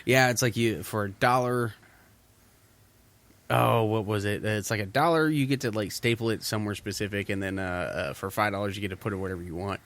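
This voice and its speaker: A man's voice: on the low side, steady tone, fairly quick, a bit bright. A man co-hosting a podcast, telling rambling stories in casual chat and acting out what people said. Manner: rambling storytelling, swears a lot, acts out quotes. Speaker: podcast co-host.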